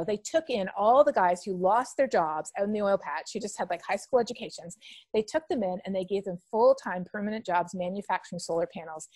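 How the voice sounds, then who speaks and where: Animated storytelling woman, dry close mic. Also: mid-range voice, husky, no room sound. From Canada. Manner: animated storyteller acting out quoted dialogue. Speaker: guest. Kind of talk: conversational podcast interview.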